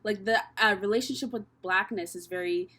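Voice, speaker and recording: Young woman, tarot vlogger, casual and profane, thinks out loud, mid-pitched voice. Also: fairly quick. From Canada. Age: young adult. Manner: candid, profane and chatty, thinking aloud. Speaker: tarot reader. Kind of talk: casual tarot reading vlog.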